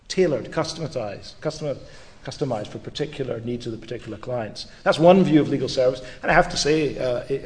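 A man's voice: fairly high pitch, darkish tone. A middle-aged man, a law professor, giving a public lecture with wry, dry humour and occasional restarts. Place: lecture hall with audience. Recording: long reverb of a lecture hall.

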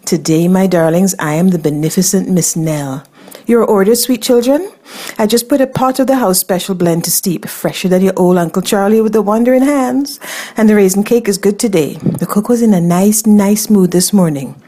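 A man's voice: high-pitched, normal speed, dark tone. A woman voicing a flamboyant, teasing male cafe cook in drag, with a sing-song, flirtatious manner. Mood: camp teasing.

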